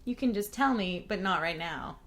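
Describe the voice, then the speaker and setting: A woman's voice: mid-range voice, animated, moderate pace. A woman co-hosting a podcast, chatting casually and laughing often as she retells TV scenes. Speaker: podcast co-host. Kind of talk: casual chat recapping a TV show.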